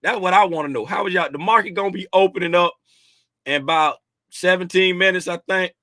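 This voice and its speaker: A man's voice: high-pitched, brisk, bright, forceful tone, no echo, clean studio sound. A middle-aged man hosting a casual livestream about trading from home, playful and folksy, calling out viewers by name. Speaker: livestream host, trading commentator. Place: home room.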